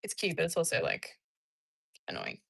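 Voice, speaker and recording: A woman's voice: deep voice, huge pitch swings, normal speed, gravelly, fairly bright tone. A young adult Australian woman from Queensland chatting casually on a livestream, laughing often and talking to her pet bird. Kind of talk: casual livestream chat reading comments.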